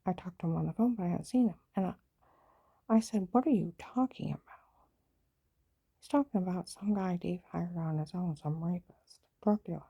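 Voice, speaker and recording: A woman's voice: fairly low pitch, quick pace, vocal fry, few pauses, dark tone, breathy edge. A woman giving a rambling personal account in an aggrieved, insistent way.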